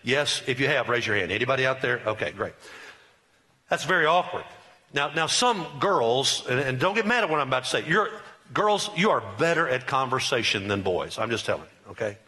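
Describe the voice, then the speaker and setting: Middle-aged male pastor, bright voice, folksy emphatic sermon with crowd calls. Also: medium pitch, very animated, fairly quick. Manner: folksy, joking, emphatic preaching with audience call-and-response.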